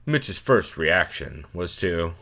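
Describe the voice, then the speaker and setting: A man's voice: sits low, very animated, takes it slowly, creaky, bright, forceful tone. A young man hosting a let's play, reading a text game aloud and joking with lots of swearing. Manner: profane, joking, riffing.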